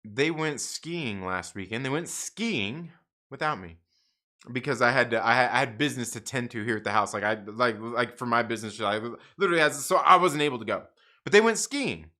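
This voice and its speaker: A man's voice: mid-range voice, animated, a little fast, sharp tone. A man hosting a live stream, telling a rambling, profane story with lots of restarts and laughter. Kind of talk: casual storytelling monologue.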